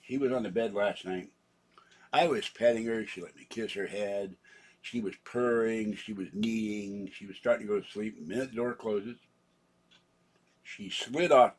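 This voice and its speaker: A man's voice: lowish voice, breathy edge. A man vlogging in a rambling, casual chat, grumbling and chuckling to himself.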